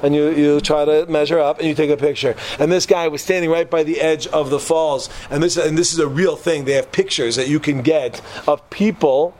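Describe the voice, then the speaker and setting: A man with a fairly high voice gives a casual Torah talk, animated and talkative. He tells stories with playful asides, and a faint hiss sits under his voice. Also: brisk, few pauses. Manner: animated, chatty storyteller with joking asides. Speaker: Torah teacher. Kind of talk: informal religious talk with stories.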